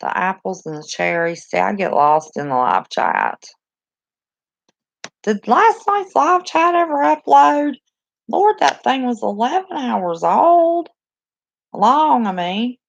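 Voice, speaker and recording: Excitable Southern West Virginia woman, gravelly. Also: fairly high pitch, takes it slowly, muffled recording. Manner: chatty, excitable, talks to viewers and reacts to the chat. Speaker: live stream host. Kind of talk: casual live chat. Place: a cluttered bedroom at home.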